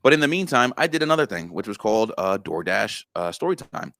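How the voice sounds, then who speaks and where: A man's voice: on the low side, very animated, quick pace, gravelly, a bit bright, no room sound. A man guest on a casual interview chat, earnestly explaining things step by step. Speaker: guest content creator.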